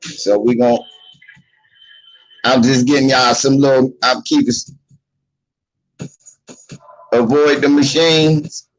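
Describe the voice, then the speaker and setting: Dude on a livestream greeting the chat, slangy and loose, faint music behind. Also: male voice, mid-range voice, steady tone, takes it slowly, long pauses, rough recording. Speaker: livestream host.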